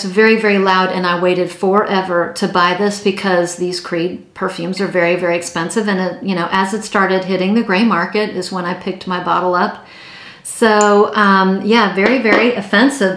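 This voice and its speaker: A woman's voice: medium pitch, steady tone, normal speed, fairly bright tone, reverberant. A woman chatting casually and enthusiastically as she reviews perfumes, with many fillers and repeated words.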